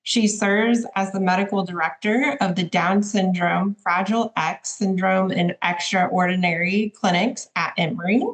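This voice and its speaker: A woman's voice: medium pitch, steady tone, measured pace, few pauses. A woman moderating a webinar over a video call, introducing the speakers in a casual way with a few fillers. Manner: casual, with fillers and brief apologies.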